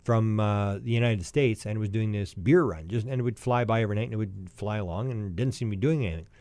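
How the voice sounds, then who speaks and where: On a dry recording, a fast-talking Canadian man in his sixties with a lowish voice recounts a long personal story as a podcast guest. His telling is lively and anecdotal, with frequent restarted sentences.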